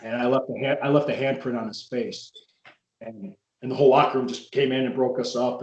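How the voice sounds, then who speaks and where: A man's voice: medium pitch, steady tone, brisk, a little mellow, reverberant, poor audio. A man, a wrestler, talking through his career in a frank, reflective podcast chat. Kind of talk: casual storytelling chat.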